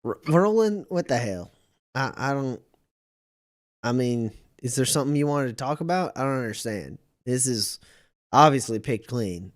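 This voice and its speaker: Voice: mid-range voice, lively intonation, lightly acted. A player doing a flustered, stammering man. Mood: puzzled. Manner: stammering, rapid restarts. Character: adult man, anxious and flustered. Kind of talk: tabletop role-play voicing.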